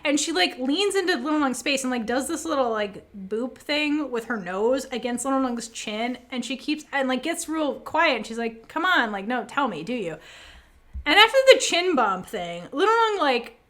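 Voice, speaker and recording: A woman co-hosting a podcast, chatting casually and animatedly with lots of fillers as she recaps scenes. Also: high-pitched. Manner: animated, fast, many fillers, quotes characters. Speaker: podcast co-host.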